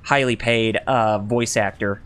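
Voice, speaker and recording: A man streaming a video game, giving chatty, animated commentary full of reactions and jokes. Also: on the low side, unhurried. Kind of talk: casual let's-play commentary.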